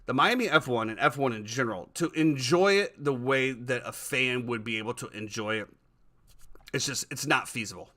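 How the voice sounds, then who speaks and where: Bright-voiced man telling stories on a podcast. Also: medium pitch, normal speed. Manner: animated storyteller, repeats words. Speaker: podcast host. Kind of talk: casual podcast chat.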